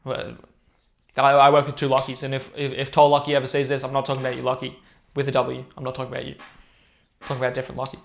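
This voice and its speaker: A man's voice: mid-range voice, completely flat delivery, fast, vocal fry, slight background noise. Profane, rambling young man. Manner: rambling, profane, intense and emphatic. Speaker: vlogger. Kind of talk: casual monologue to camera.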